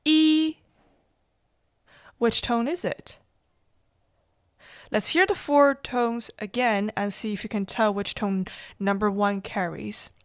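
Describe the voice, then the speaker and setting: A woman hosting a language podcast, slowly demonstrating Mandarin tones with patient pauses for repetition. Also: mid-range voice, no echo, clean studio sound. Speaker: host, Mandarin teacher. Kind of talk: slow, deliberate language lesson.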